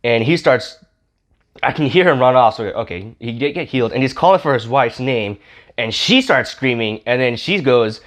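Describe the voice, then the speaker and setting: A man telling his personal testimony as an animated story, acting out the people in it. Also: mid-range voice, normal speed. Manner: animated storyteller, acts out the other gamer in a raised voice. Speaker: testimony speaker.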